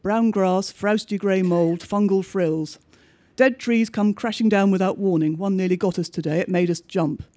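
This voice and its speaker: A man with a notably high voice reads a bleak diary-style story aloud. His delivery is measured and understated, with each entry set down plainly. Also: steady tone, warm tone. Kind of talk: scripted narration of a diary story.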